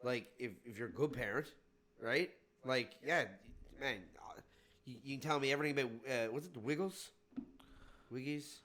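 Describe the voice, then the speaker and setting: A man's voice: mid-range voice, moderate pace, fairly bright tone, slight background noise. A man hosting a podcast, chatting casually and bluntly, swearing and mimicking officials. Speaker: podcast host. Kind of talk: casual chat.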